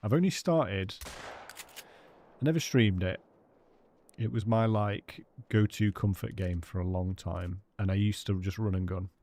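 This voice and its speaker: A man's voice: lowish voice, a little slow, dark tone. A British man live-streaming a hunting game, chatting casually with his viewers and greeting them by name.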